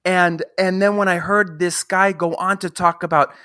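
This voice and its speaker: A man in his fifties interviewing a guest in a casual chat, telling a long personal story in a rambling, animated way with many restarts. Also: sits high, normal speed, smooth, dry recording, clean studio sound. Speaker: podcast interviewer.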